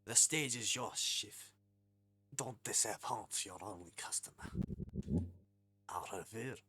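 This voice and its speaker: A man voicing a hungry, pompous French gourmet, reading game dialogue aloud in a hammy mock French accent with drawn-out words. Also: fairly low pitch, pushed and bright, slightly rough, heavily acted. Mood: theatrical.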